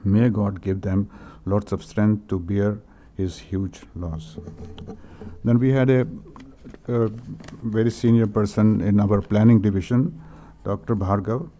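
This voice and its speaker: A man's voice: fairly low pitch, steady tone, measured pace, long pauses, dark tone, a little hiss or hum. An older man with an Indian English accent reading condolence messages at a memorial meeting, hesitant and full of fillers, emotional. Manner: hesitant, many "uh" fillers and throat-clearing. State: emotional, voice breaking. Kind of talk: halting tribute reading.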